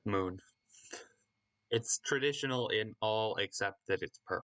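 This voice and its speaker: A man's voice: on the low side, a little slow, a bit bright, recorded from a distance. A man chatting casually as a tabletop game player, in an easygoing way.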